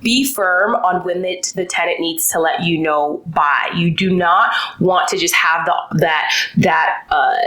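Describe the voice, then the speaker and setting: Woman, young adult, landlord advice, casual talk, fillers and restarts, slightly low voice. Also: bright, forceful tone, poor audio. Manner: conversational, frequent fillers and restarts, acts out dialogue. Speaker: real estate investor and landlord.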